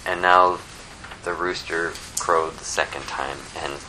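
A man preaching a sermon in a conversational, animated way, acting out the lines he quotes. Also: deep voice, takes it slowly, noisy background. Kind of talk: expository sermon.

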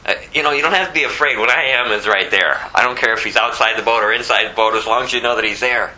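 A man's voice: mid-range voice, fast talker, bright, forceful tone, poor audio. A man preaching a conversational sermon, asking rhetorical questions and restarting phrases often. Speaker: pastor.

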